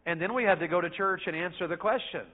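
A middle-aged man, preaching a sermon in a folksy storytelling way that swings between loud and soft. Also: sits high, fast talker. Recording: phone-like narrow sound.

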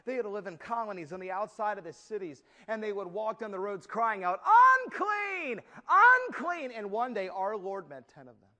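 A man preaching a sermon, dramatic and storytelling, swinging between loud declaiming and soft asides with folksy humor. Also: high-pitched, fairly quick, hardly any pauses.

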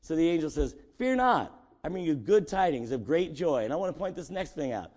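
A man preaching a sermon in a church, swinging from loud, excited lines to hushed, drawn-out ones. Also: on the high side, slightly rough. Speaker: pastor. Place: church sanctuary.

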